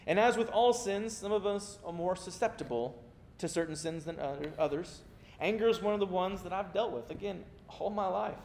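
A man's voice: moderate pace, gravelly, darkish tone. A middle-aged man preaching a sermon, telling stories with self-mocking asides. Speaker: pastor. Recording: echoey room with faint rumble.

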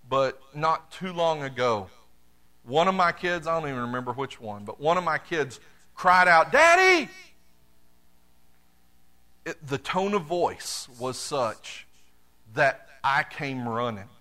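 A man's voice: mid-range voice, unhurried, a bit bright. A middle-aged man preaching a sermon, talking to the congregation in a conversational way with dry humor. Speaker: pastor.

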